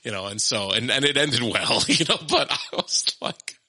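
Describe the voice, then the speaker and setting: A man's voice: medium pitch, moderate pace, breathy edge, no echo. A man in his thirties telling a family story in casual chat, acting out quotes and laughing often. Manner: animated, laughing, acts out quotes.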